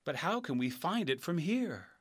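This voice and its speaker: A man's voice: very animated, moderate pace, a bit bright, dry recording, clean studio sound. A man voicing an earnest, direct young girl in a storybook reading. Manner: earnest, raised pitch.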